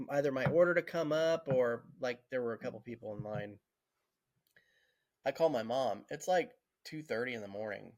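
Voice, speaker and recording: A man's voice: mid-range voice, a little mellow. A man, a podcast co-host telling stories casually, laughing through them and swearing freely. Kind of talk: casual storytelling.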